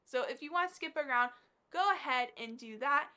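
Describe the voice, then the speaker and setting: A woman chatting to camera as a regular vlogger, bubbly and gushing, with fillers scattered through her talk. Her voice sits high and sounds bright and crisp. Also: moderate pace. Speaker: collector vlogger. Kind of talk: casual chat to camera.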